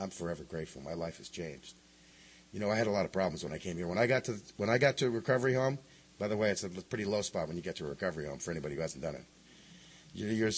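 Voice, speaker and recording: Husky, animated man sharing his recovery story. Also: lowish voice, poor audio. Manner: animated, emphatic storytelling with big swings. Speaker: recovery meeting speaker. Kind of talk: personal recovery talk.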